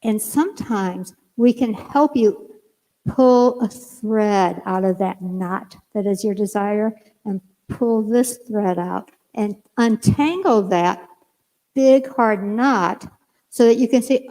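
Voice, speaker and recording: An older woman minister preaching a sermon in storytelling form, animated and acting out both sides of conversations in a church sanctuary. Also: medium pitch, slow. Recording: long reverb of a church hall.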